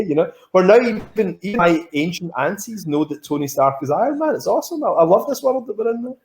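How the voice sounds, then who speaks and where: A Scottish man chatting excitedly as a guest on a video-call interview. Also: high-pitched, echoey room. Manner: excitable, fast, animated storytelling. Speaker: guest comic writer. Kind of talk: casual interview chat.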